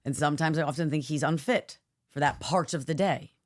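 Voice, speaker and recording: A woman co-hosting a casual podcast chat, telling a story and acting out the people in it with lively voices. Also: low voice, a little fast, no room sound, studio quality. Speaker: podcast co-host. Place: studio.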